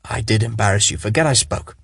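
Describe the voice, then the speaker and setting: A man's voice: fairly low pitch, fairly quick, gravelly, a bit bright, slightly rough, dry recording, studio quality, heavily acted. A man voicing a charming young lord who is dying of a wound, speaking faintly and in pain. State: weak and wounded.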